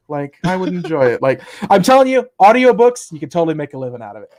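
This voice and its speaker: A man's voice: a little high, animated, quick pace, darkish tone. A young man with a South Texas accent hosting a casual livestream chat, rambling with lots of restarts. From Texas, USA. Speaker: host. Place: home room with open window.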